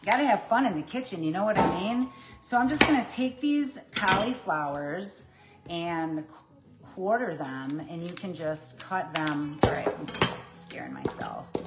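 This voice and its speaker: A woman hosting a casual cooking livestream from her kitchen, talking while she chops and cooks. Her voice sits a little low, and she stays upbeat and chatty, calling her viewers "you guys" as she coaches them on plant-based eating. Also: very noisy. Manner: talks while chopping and cooking.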